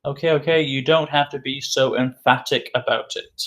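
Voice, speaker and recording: A man teaching an English vocabulary lesson at a middle pitch, saying each new word two or three times. He asks the class a question and answers it himself. His delivery is slow, deliberate and patient. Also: steady tone, fairly bright tone.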